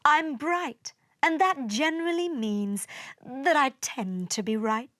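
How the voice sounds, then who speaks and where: A woman's voice: high-pitched, slow pace, fairly bright tone, dry recording, clean studio sound. A woman playing the bossy, know-it-all sun. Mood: lecturing. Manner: scolding, matter-of-fact. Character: bossy bright sun, sensible and superior.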